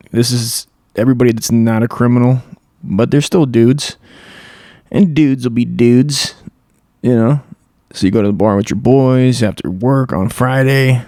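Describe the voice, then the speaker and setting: A man's voice: mid-range voice, mellow, dry recording, clean studio sound. Crude rambling male comedy host. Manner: rambling, crude, riffing with mock quotes. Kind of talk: profane comedic monologue.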